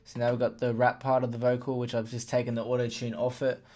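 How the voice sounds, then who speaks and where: A man casually walking through how he built a hip hop track, plain-spoken and relaxed, with fillers like "like" and "literally". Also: medium pitch, fast talker. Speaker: music producer explaining a beat. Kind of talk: casual tutorial walkthrough. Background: faint playback of his beat.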